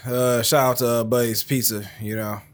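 A man co-hosting a casual podcast, trading relaxed banter and quick reactions. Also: mid-range voice. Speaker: podcast co-host.

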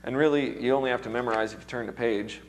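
A man's voice: mid-range voice, steady tone, fast, a little hiss or hum. Casual man teaching a music class. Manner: casual, encouraging, checks in with the class often. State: recovering voice. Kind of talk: classroom music theory lesson.

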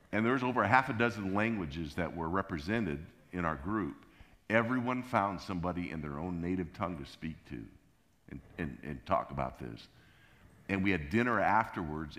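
A middle-aged man, a pastor, telling a story from the pulpit with lively acted-out voices and sound effects. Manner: animated, acts out scenes and sounds with pitch jumps. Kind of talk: storytelling sermon.

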